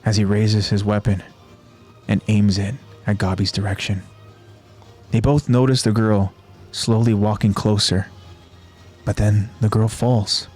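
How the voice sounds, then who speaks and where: A man who hosts a podcast, retelling an anime episode scene by scene in a steady, descriptive way. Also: lowish voice, measured pace, long pauses, soft background music. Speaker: podcast host.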